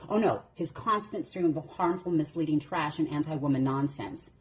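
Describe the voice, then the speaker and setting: A woman's voice: low-pitched, moderate pace, a little mellow. A woman giving sarcastic, mocking reaction commentary.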